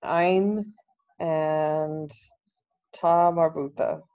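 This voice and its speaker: A woman slowly sounds out her reading in an online class and asks questions when unsure. Her voice is low and mellow. The sound is a little muffled. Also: fairly even intonation. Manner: hesitant, questioning. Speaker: student. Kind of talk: hesitant reading aloud in class. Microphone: video call. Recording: muffled video call audio.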